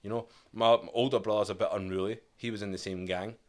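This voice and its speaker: Scottish male guest, thirties, low-pitched, frank reflective storyteller. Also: steady tone, fast. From Scotland. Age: 30s. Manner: candid, reflective, quotes his past self and family. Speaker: podcast guest. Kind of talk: casual storytelling interview.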